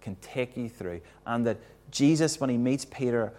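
A man preaching a sermon in an earnest, reflective way, often dropping to a soft hush to make a point. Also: mid-range voice, expressive, moderate pace.

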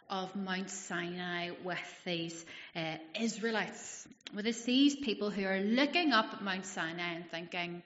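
A woman's voice: mid-range voice, animated, a little slow. Woman preaching in an echoey hall. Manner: conversational, acts out the people's thoughts. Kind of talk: sermon. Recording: dull echoey hall, long reverb.

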